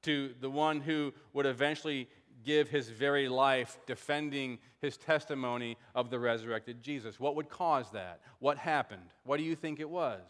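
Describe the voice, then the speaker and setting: Pastor preaching in a reverberant hall. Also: male voice, mid-range voice, normal speed, few pauses, a bit bright. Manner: questioning, explains scripture aloud. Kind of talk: sermon. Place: large church hall.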